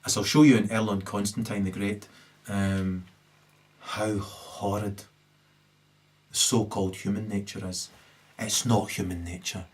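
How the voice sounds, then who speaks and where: In a rambling solo rant, a male video commentator swears heavily and keeps tacking "right?" onto the ends of his sentences. He lurches from loud, high bursts down to low mutters, yet his tone stays level and his pace measured, with long pauses.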